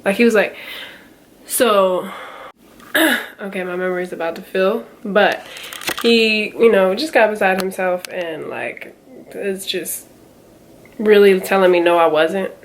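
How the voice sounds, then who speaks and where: A woman in her twenties with a mid-range, slightly nasal voice tells a story in a casual vlog, over slight background noise. Her intonation is fairly even and her pace unhurried with long pauses, and she chats along with lots of quoted back-and-forth.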